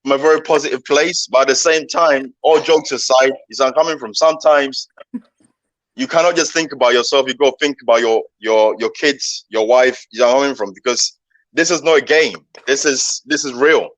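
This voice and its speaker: A man's voice: mid-range voice, brisk, a bit bright, no room sound, poor audio. A man in a casual discussion giving earnest advice, repeating himself for emphasis. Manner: earnest, advising, repetitive.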